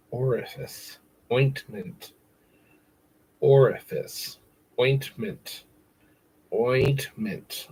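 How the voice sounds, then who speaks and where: Husky, slow-talking man on a livestream. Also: medium pitch, a bit bright, poor audio. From United States. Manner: silly, repeats words for crude jokes. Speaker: livestream host. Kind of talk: casual livestream chat with viewers.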